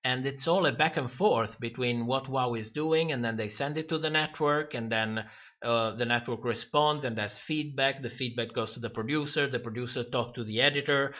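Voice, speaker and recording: A man's voice: mid-range voice, normal speed, fairly bright tone. Chatty man hosting a livestream, lo-fi sound. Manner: chatty, rambling, laughs often, many restarts. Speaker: livestream host. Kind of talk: casual livestream chat reading comments.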